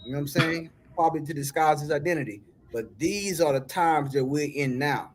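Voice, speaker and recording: Male host, sermonizing edge in casual talk; slightly high voice. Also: brisk, slight background noise. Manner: preachy, quotes scripture, keeps asking "you know what I'm saying". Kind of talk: casual group discussion.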